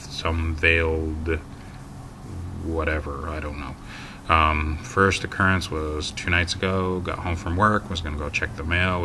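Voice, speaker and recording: Male vlogger, very low voice, exasperated rambling storyteller, light hiss in the recording. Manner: rambling, exasperated, lots of ums and so anyways; gets loud and high when quoting his own yelling. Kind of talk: casual storytelling to camera.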